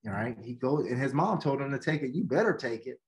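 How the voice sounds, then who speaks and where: A man's voice: medium pitch, quick pace. A man guest on a podcast, telling stories in a casual way, acting out quotes and often saying "man". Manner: animated storytelling, acts out quotes, says "man" often. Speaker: guest, educator and former football coach. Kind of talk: casual storytelling in a podcast interview.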